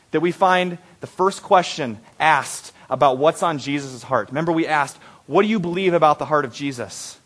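A pastor with a slightly high, somewhat bright voice preaches conversationally, posing questions to the congregation. He acts out quoted prayers, letting the intensity build.

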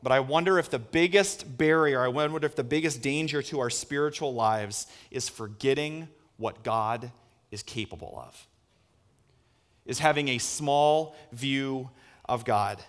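A man with a somewhat high voice delivers a sermon. He talks earnestly and leans on rhetorical questions. He swings between hushed asides and emphatic lines. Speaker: pastor.

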